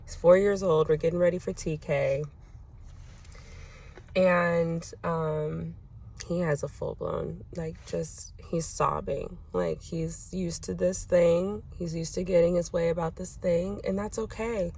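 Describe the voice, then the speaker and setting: A young woman telling a parenting story in a casual vlog, reflective and gentle, pausing often. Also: on the low side, vocal fry, slightly rough. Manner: reflective, gentle, with many pauses and fillers. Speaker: mother sharing a parenting story.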